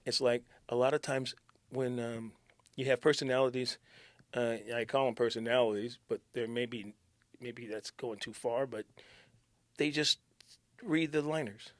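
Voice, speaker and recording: A man's voice: medium pitch, steady tone, normal speed, dry recording. A middle-aged man, a former morning radio host, telling stories in a casual interview, joking and laughing often. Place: radio station.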